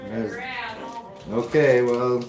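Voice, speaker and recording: A man's voice: medium pitch, very animated, very slow. A man hosting a live cooking stream from his home kitchen, rambling casually to viewers as he cooks. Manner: laid-back, rambling, talks to viewers while cooking. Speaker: livestream host cooking. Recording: roomy sound with clear music behind. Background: blues or country music playing.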